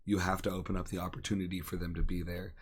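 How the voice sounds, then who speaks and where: Earnest low-voiced man giving advice. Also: little pitch movement, quick pace, slightly rough. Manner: earnest, encouraging, repeats phrases for emphasis. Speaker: podcast co-host. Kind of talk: earnest casual talk.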